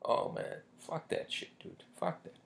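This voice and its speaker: A man hosting a casual solo podcast who rambles and swears often, with many fillers and restarts. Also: measured pace. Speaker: podcast host.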